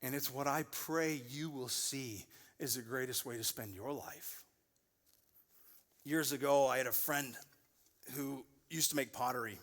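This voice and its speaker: A man in his forties preaching a sermon to a church congregation, telling stories and acting out the voices in them. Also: medium pitch. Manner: animated storyteller, acts out quoted voices. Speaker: pastor. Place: large church auditorium. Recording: long reverb of a church hall.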